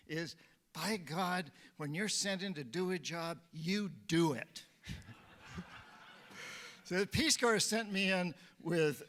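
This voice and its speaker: A man's voice: fairly high pitch, a bit bright. A man in his seventies from New Hampshire giving a storytelling lecture at a conference. His humor is wry and self-deprecating, and he chuckles at his own jokes. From New Hampshire, USA. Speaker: conference speaker. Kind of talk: storytelling lecture to a live audience.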